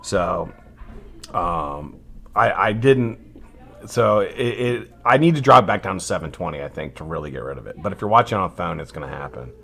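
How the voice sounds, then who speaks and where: A man hosting a live stream in loose, casual chat, greeting viewers one by one and joking as he goes. His voice is bright and forceful, and his pitch swings up and down with lively energy. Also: moderate pace, gravelly. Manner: animated, greets viewers by name, rambling and joking; swears casually.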